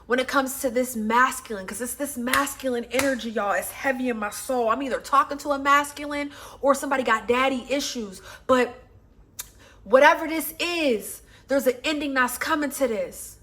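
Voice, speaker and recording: A woman tarot reader talks straight to her viewers in a casual, slangy way, swearing freely. Her voice sits a little high. She swings between loud, emotional bursts and soft, soothing stretches. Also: moderate pace, a little hiss or hum. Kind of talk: casual pick-a-pile reading.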